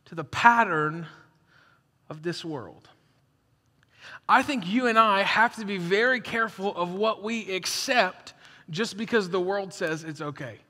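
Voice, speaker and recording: A man preaching a sermon in a conversational, animated way, acting out little quoted voices. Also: high-pitched, in a large hall. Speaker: pastor.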